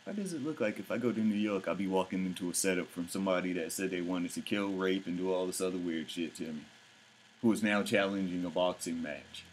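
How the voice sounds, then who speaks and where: Brief: vlog host, fairly low man's voice, blunt profane rant, faint noise behind. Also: quick pace, rough recording. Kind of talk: casual ranting commentary.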